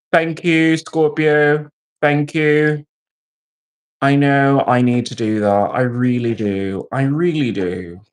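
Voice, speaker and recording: A man's voice: mid-range voice, slow. A man who is a military veteran, telling stories and ranting profanely to his live-stream chat. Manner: profane, animated storytelling.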